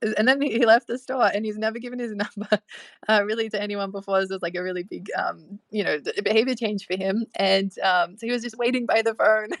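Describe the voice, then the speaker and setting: A woman host tells a relaxed dating story, chatty and loose, with plenty of fillers and quick self-corrections. Her voice sits in the middle range and sounds dry and close, with little room echo. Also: mid-range voice. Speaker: host leading a dating session. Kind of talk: casual storytelling talk.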